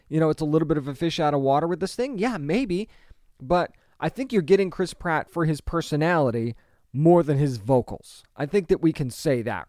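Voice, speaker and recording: A man's voice: a little high, a little mellow, dry recording, clean studio sound. A man in his thirties or forties giving opinionated solo commentary, emphatic and conversational, with lots of rhetorical questions. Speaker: pop culture commentator.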